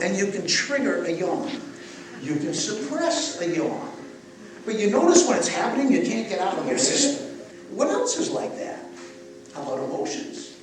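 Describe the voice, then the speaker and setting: A man's voice: high voice, normal speed, background noise. Older man teaching breathwork, echoey far mic. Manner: animated, guiding the crowd through breathing. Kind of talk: live workshop talk to an audience. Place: live event venue.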